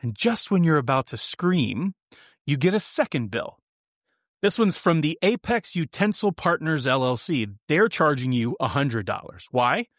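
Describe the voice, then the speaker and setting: A man hosts a podcast by himself, giving sarcastic, punchy comedic commentary with a theatrical edge. His voice sits somewhat high for a man. The recording is dry and close. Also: sing-song, a little slow, fairly bright tone, no echo. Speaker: podcast host.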